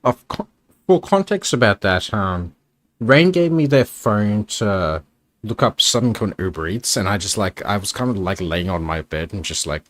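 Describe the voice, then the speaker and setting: A man's voice: fairly low pitch, animated, moderate pace, fairly bright tone. A man guesting on a stream, chatting casually in a rambling way, full of fillers and giggles. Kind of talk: casual chat.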